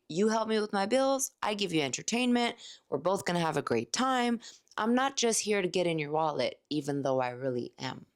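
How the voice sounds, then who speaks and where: A woman in her late thirties telling a candid, animated story about a night at work. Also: low-pitched, clear, resonant tone. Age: 30s. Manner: animated, candid, acts out quoted lines. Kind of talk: casual storytelling vlog.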